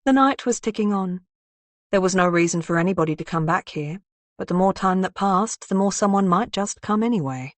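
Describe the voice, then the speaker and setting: A woman narrating a crime thriller audiobook in a steady, even reading style. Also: mid-range voice, a little fast, no room sound.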